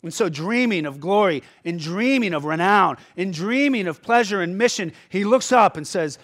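A man delivers a sermon from the pulpit in a high-pitched voice. He moves between hushed, reflective asides and sudden loud bursts of emphasis, often pausing to ask "right?" as he works through his points. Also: animated. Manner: preaching with sudden surges and drops in volume; tags points with a questioning "right?". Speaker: pastor.

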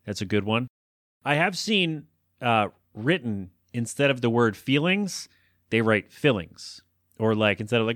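A man hosts his own podcast alone, drifting through a loose, jokey, self-deprecating monologue that wanders off track. His medium-pitched, fairly bright voice moves unhurriedly with lively intonation. The studio-quality recording has no room sound.

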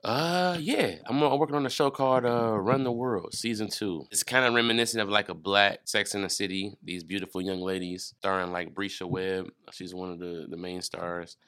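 A man's voice: on the low side, fairly even intonation, normal speed, hardly any pauses, a bit bright, smooth, no room sound, clean studio sound. A male comedian from Detroit chatting as a podcast guest in a laid-back way, with frequent fillers and restarts. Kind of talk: casual chat.

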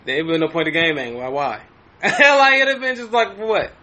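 A man with a high, bright voice tells a story on a casual podcast. He talks in an animated way, full of profanity, and often stops to restart his sentences. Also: fairly quick. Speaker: podcast host.

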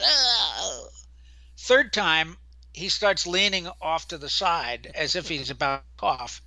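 An older man co-hosting a casual chat, talking earnestly and telling stories in a measured way. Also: fairly high pitch, sharp tone, dry recording. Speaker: co-host.

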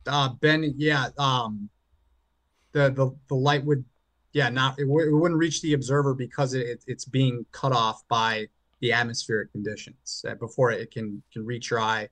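A man arguing his side in an online debate, halting and often restarting his words. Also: mid-range voice, steady tone, fairly bright tone, no room sound. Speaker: flat earth debater.

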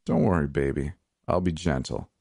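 A man's voice: low voice, lively intonation, normal speed, darkish tone, no room sound, clean studio sound. A man voicing a ruthless young sorceress who taunts coldly, in an audiobook. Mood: mocking. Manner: teasing, coldly mocking. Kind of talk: audiobook character voice.

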